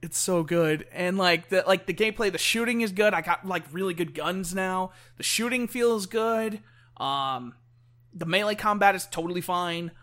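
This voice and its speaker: A man in a casual chat, talking excitably and peppering everything with "like". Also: high voice, moderate pace. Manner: excitable, full of "like" fillers.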